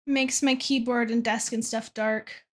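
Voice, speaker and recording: A woman's voice: a little high, fairly even intonation, a little slow. A young woman streamer chatting casually to her chat from a dim room at her desk, self-deprecating and trailing off with fillers.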